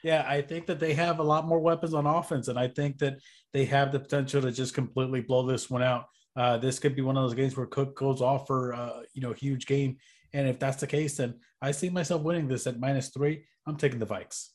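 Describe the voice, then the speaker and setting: A man's voice: mid-range voice, fairly even intonation, brisk, darkish tone. A man co-hosting a casual sports betting chat, laid-back and rambling as he explains his reasoning. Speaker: podcast co-host.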